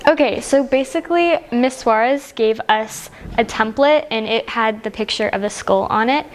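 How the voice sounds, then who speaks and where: Teen girl, chatty casual recount, slightly high voice. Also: a little hiss or hum. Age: teens. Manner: chatty, lots of "like". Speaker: student.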